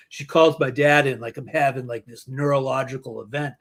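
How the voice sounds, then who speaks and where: A man's voice: medium pitch, fairly even intonation, brisk, gravelly, few pauses, fairly bright tone. A man hosting a podcast in casual chat, telling a joking story with many restarts. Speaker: podcast host.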